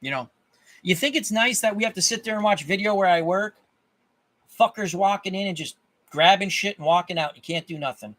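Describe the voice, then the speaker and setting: A channel host with a fairly quick, high-sitting and slightly bright male voice rants angrily to his viewers. His monologue is profane, and he keeps repeating himself and restarting sentences.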